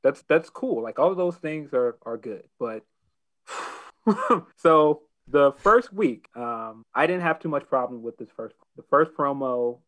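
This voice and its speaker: A man co-hosting a casual wrestling discussion podcast, talking in hesitant restarts and fillers that turn animated when he gives his opinion. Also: mid-range voice, measured pace, low-quality recording. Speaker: podcast co-host.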